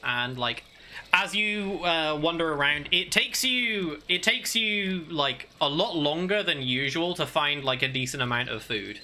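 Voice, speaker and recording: Slow, halting male game master. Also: a little high, lively intonation, bright, forceful tone, slight background noise. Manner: hesitant, full of fillers. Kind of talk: narrating a tabletop game.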